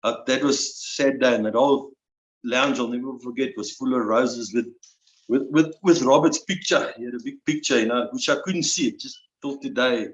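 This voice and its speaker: A man in his sixties, a veteran guest telling his story in an emotional, halting way, often restarting and repeating words. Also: mid-range voice. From South Africa. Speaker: interview guest, army veteran. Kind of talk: personal storytelling. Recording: roomy, dull lo-fi sound.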